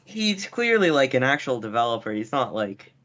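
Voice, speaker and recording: A Canadian man whose first language is French joins a podcast as a guest, mid-pitched and laid-back. He peppers his talk with likes and rights, and his audio sounds dull and lo-fi. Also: sing-song, normal speed, fairly bright tone. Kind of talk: casual podcast chat.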